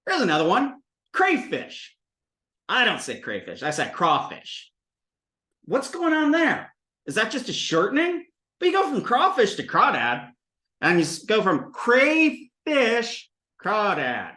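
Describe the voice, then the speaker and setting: A man from the United States lectures to a Sanskrit class in a playful, thinking-aloud way. His voice is bright and swoops up and down a lot. The room rings with echo around him. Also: high-pitched, wildly swooping pitch, moderate pace. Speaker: Sanskrit teacher.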